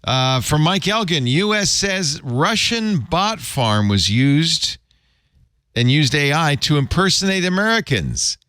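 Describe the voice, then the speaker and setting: A man's voice: fairly high pitch, slow pace, clear, resonant tone, no echo, studio quality. A man hosting a tech talk show, reading sponsor spots and trading jokes with panelists. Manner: lively, chuckling, joking asides. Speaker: podcast host. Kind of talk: casual tech talk show chat with ad reads.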